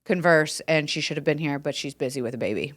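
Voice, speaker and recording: A woman co-hosting a podcast in casual chat, quick to tease and correct the others, recorded in a podcast studio. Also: low voice. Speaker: podcast co-host.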